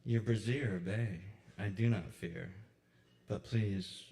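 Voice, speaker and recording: A man reading his poem at an open mic, slowly and with deliberate long pauses. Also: fairly low pitch, vocal fry, warm tone. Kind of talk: live poetry reading. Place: kava bar venue.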